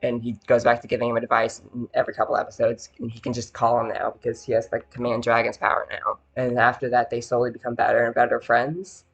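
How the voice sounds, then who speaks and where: A man's voice: medium pitch, completely flat delivery, fast, gravelly, few pauses, fairly bright tone, highs cut off. A man recapping a series in a loose, rambling way, full of fillers, who acts out the characters' lines as he goes. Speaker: video essay host. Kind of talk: casual episode recap.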